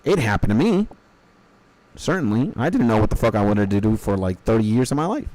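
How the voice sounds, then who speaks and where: A man's voice: lowish voice, very animated, fairly quick, a little mellow, no echo. Rambling, foul-mouthed man in his thirties. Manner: rambling, profane, mock-philosophical. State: hungry after an early start. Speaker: streamer. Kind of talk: casual chat while gaming.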